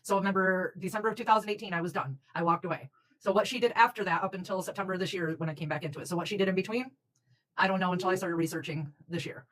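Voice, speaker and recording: A woman's voice: lowish voice, racing, a bit bright, low-quality recording. A woman co-hosting a casual talk show, frank and chatty, calling people dude. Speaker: podcast co-host. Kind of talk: casual chat.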